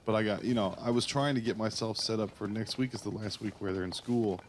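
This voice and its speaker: A man's voice: fairly low pitch, fairly even intonation, quick pace, slight background noise. A man co-hosting a casual gaming podcast, laid-back and jokey, laughing often. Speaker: podcast co-host.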